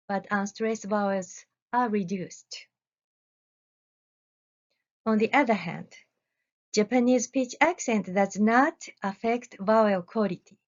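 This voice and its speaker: A woman researcher talks through an academic presentation in a mid-range voice, reading deliberately with careful pauses between phrases. Her pace is slow and unhurried. The recording is dull and lo-fi. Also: mid-range voice.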